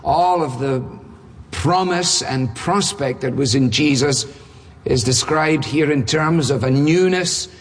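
A man's voice: fairly high pitch, slightly rough. A man preaching a sermon, firing off emphatic rhetorical questions with touches of dry humor. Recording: reverberant hall.

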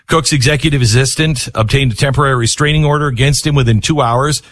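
A man in the middle pitch range delivers news commentary with a sarcastic, animated edge. He acts out the people he quotes. His voice sounds dry and close, with no room around it. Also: quick pace, dry recording.

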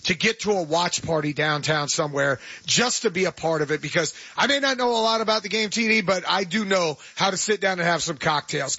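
A man's voice: high-pitched, expressive, fairly quick, hardly any pauses, pushed and bright, husky, dry recording, dull audio. A man hosting a sports radio show, chatting with enthusiasm and reading promos. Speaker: radio host.

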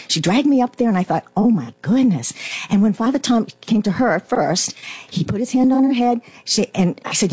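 A middle-aged woman giving a lively personal testimony, acting out her own past reactions as she tells it. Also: a little high, fairly quick, slightly rough, dry recording. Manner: animated storyteller, acts out her past self. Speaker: guest.

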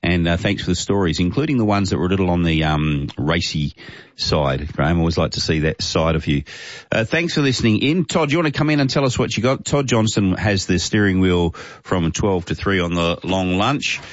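A relaxed Australian radio host with a very low voice, joking easily between segments. His dry studio sound is a little dull, as on a broadcast. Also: brisk, no echo. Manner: relaxed, joking, with frequent "uh" fillers. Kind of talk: casual talk radio chat.

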